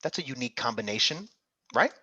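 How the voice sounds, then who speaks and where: A man's voice: medium pitch, animated, fast, pushed and bright, breathy edge, no room sound, dull audio. A man tutoring an interactive online medical exam class, upbeat and coaxing, calling on students by name.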